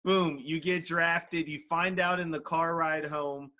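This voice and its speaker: A man's voice: a little high, fairly even intonation, unhurried, sharp tone. A man hosting a casual interview podcast, recapping the guest's story and chiming in often. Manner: chimes in with short backchannels, finishes guest's sentences. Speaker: podcast host.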